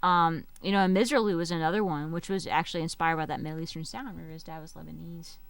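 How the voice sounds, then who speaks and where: A woman's voice: sits low, steady tone, fast, creaky, no echo. A woman telling a music history story on a casual podcast, rambling with many fillers and restarts. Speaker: music history trivia presenter. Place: basement studio.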